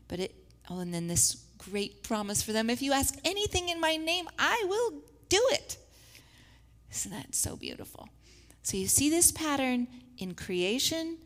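Woman, Bible teacher, higher-pitched voice, animated delivery, long hall reverb. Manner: expressive, acts out Bible quotes in lively voices. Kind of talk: teaching a faith-based talk with slides.

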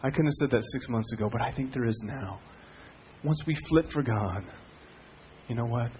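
A middle-aged man preaching a sermon as a pastor, telling stories with swings from hushed to loud. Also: mid-range voice, normal speed, slight background noise.

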